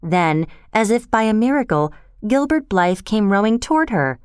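A woman narrating a storybook in a calm, measured reading voice. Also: medium pitch, clear, resonant tone, dry recording, clean studio sound.

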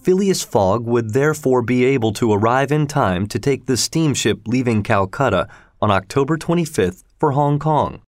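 A man's voice: mid-range voice, no room sound. Man narrating a story, dry and close. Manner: steady, measured storytelling. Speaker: audiobook narrator. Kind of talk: scripted narration of a classic adventure story.

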